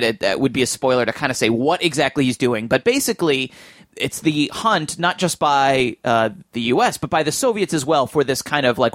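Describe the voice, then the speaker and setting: A man's voice: mid-range voice, fairly bright tone, no echo. Chatty man with a dry close sound. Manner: chatty and enthusiastic, thinking aloud. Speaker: film podcast host. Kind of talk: casual film discussion.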